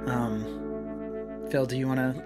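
Man telling a story with halting restarts. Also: mid-range voice, level tone, loud music behind the voice. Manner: halting, with frequent restarts and trailing asides. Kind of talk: casual conversational storytelling.

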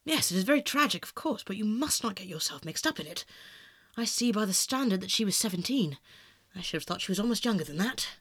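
Guy reading as a jaded posh older dude, smooth talker, coolly persuasive, dry close mic. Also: high-pitched, animated, fast, a bit bright, dry recording. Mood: urbane. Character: worldly cynical male aristocrat, older, urbane. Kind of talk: audiobook narration.

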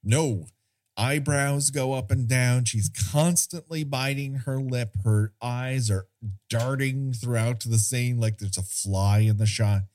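A man's voice: medium pitch, fairly even intonation, takes it slowly, darkish tone. A man co-hosting a casual film podcast, rambling and self-deprecating, often breaking into laughter. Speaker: podcast co-host.

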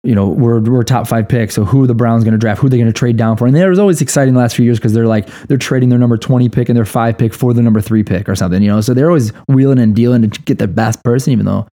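A man's voice: medium pitch, very fast, few pauses, mellow. A man in his thirties from Cleveland, telling a profane, laughing story in casual podcast chat. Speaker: podcast guest, coffee company co-founder.

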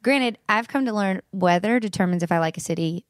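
A woman's voice: medium pitch, fairly quick, dry recording. Chatty young woman, dry close sound. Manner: animated, playful mock voices and giggles. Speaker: guest. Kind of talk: casual chat.

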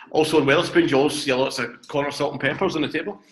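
A man's voice: on the high side, fairly even intonation, fast talker. A man co-hosting a podcast, joining in puns and giggling in casual banter. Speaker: podcast co-host. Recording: roomy echo.

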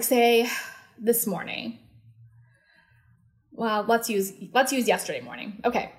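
Chatty woman coaching tapping. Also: a little high. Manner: chatty, rambling, self-interrupting with likes and ums; demonstrates while talking, acts out her own venting. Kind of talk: casual live video teaching.

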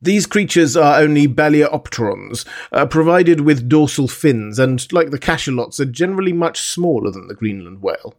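A man's voice: fairly high pitch, expressive, moderate pace, few pauses, pitched above the performer's own voice. A man reading the part of a learned professor in an audiobook, inquiring and explanatory. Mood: explaining.

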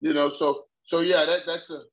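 Older male co-host, slightly high voice, rambling and excitable. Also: moderate pace, creaky, poor audio. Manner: rambling, repeats words, excitable storytelling. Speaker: sports talk co-host. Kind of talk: casual sports chat.

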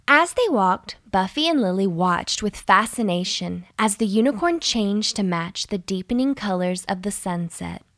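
Woman, bedtime story narrator, slow, soothing, melodic, dry close recording. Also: gravelly, dry recording. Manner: slow and soothing with lively pitch.

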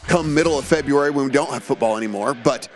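A man's voice: medium pitch, faint music behind. A man hosting a sports betting talk show, chatting casually about games and lineups. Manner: rambling, chatty, reads lineups quickly.

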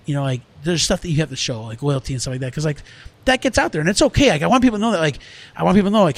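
A man's voice: fairly high pitch, lively intonation, very fast. Earnest man rambling in casual talk. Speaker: restaurant owner. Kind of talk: casual podcast conversation.

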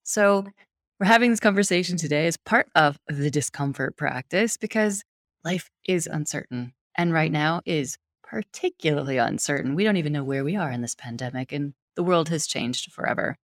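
A woman's voice: sits low, expressive, normal speed. A woman from Wyoming hosting a podcast, introducing her guest in an enthusiastic, gushing way. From Wyoming, USA. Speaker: podcast host. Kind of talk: podcast introduction and interview chat.

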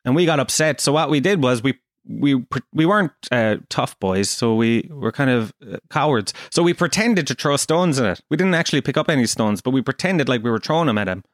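A man's voice: medium pitch, expressive, a little fast, no echo, studio quality. An Irish man from Kerry hosting a podcast, telling a comic story in a profane, self-deprecating way. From Kerry, Ireland. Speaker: podcast host.

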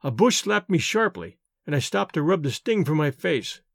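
A man narrating a novel aloud in an expressive, measured reading. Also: fairly high pitch, creaky, no echo, clean studio sound. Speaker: audiobook narrator.

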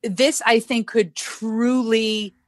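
A woman's voice: a little high, fairly even intonation, slow, no echo, clean studio sound. Chatty woman hedging her predictions. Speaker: podcast co-host. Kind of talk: casual chat.

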